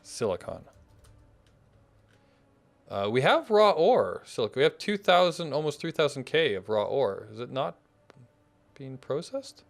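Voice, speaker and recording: A man's voice: medium pitch, big pitch swings, a little slow, creaky, pauses often. Male gameplay host, mid-range voice, rambling casual thinking aloud. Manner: rambling, thinks aloud while managing game systems. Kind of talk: casual multiplayer gameplay chat.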